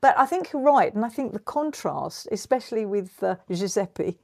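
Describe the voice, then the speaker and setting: A woman from East London with an Essex-side accent, a guest in a casual interview, talking quickly and laughing easily. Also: medium pitch, expressive, gravelly, dark tone. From East London, England. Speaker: actor, guest.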